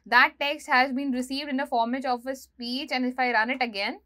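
Woman walking thru python code step by step, high voice, reads the code out as she types. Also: fairly even intonation, brisk, sharp tone. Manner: explains step by step while typing, reading code aloud. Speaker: programming instructor. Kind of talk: screen-recorded coding tutorial.

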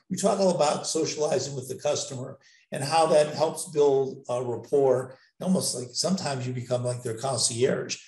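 A man asks a guest long, meandering questions, pausing on ums and circling back before getting to the point. His voice carries a noticeable room echo. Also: fairly high pitch, darkish tone. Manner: rambling, hesitant, with many ums. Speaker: interviewer. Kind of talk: casual interview questions. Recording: roomy echo.

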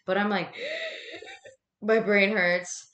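A woman's voice: on the low side, animated, moderate pace, sharp tone, lo-fi sound. A woman streaming casual chat from home while folding laundry. She talks chattily, swears freely and pokes fun at herself. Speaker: live streamer. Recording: roomy echo.

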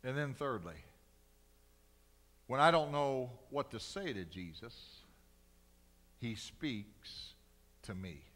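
Preaching pastor, bright ringing voice. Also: male voice, medium pitch, animated, long reverb tail. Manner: preaching with big swings from loud cries to hushed, slow emphasis. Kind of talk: sermon. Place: church sanctuary.

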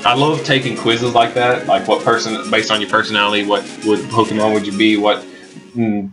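A man's voice: lowish voice, fairly even intonation, fairly quick, music in the background. A man giving playful, casual commentary while playing a video game. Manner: playful, jokey, reads game text aloud. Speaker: let's play host.

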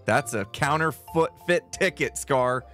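A man's voice: on the high side, unhurried, music in the background. A man playing a video game and chatting, with playful, theatrical reactions. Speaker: Minecraft player. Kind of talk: casual gaming commentary.

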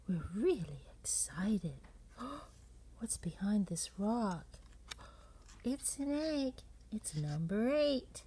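A woman reading a children's picture book aloud in a playful, sing-song way, dropping into breathy whispers and making animal sounds. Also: fairly high pitch, mellow, a little hiss or hum. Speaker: storybook reader.

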